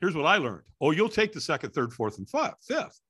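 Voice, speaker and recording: A middle-aged man, a guest in an interview, telling a story with energy and acting out the voices and shouts of the people in it. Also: a little high, brisk, husky. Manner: lively, acts out quoted voices and shouts. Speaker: interview guest, firewalk instructor.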